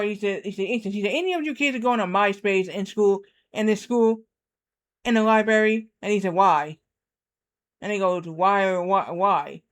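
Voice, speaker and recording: A man in his thirties streaming a game, telling a rambling story with lots of repeats and acted-out quotes. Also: sits high. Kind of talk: casual storytelling while gaming.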